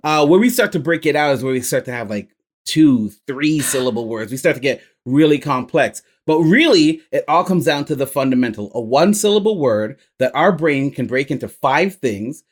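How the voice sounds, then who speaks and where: A man's voice: medium pitch, animated, moderate pace. A man coaching a student through rhyming exercises, upbeat and laughing often, with plenty of fillers. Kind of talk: casual coaching session.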